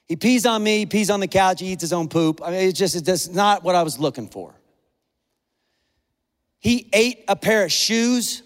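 Middle-aged male pastor, high voice, earnest and emotional sermon delivery, heard in a reverberant church hall. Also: animated, normal speed. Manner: emotional, earnest, conversational preaching.

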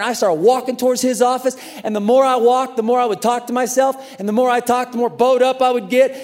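High-voiced pastor in a reverberant hall. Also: male voice. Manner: animated, acts out voices in his story. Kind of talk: storytelling sermon. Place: large church auditorium.

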